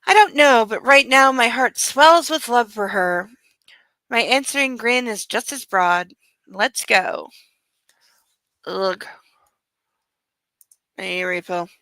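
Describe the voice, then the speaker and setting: A woman's voice: a little high, slow pace, long pauses, bright, forceful tone, no room sound, low-quality recording. A woman reading a novel aloud and breaking off into sarcastic, exasperated asides, in a close home recording. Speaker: book club reader. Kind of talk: comedic book reading with commentary.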